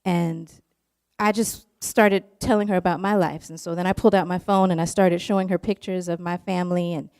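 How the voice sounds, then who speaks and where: A woman's voice: fairly low pitch, fairly even intonation, fairly quick, a little mellow, clean tone. A woman telling a personal story in an earnest, emotional way, in long flowing runs.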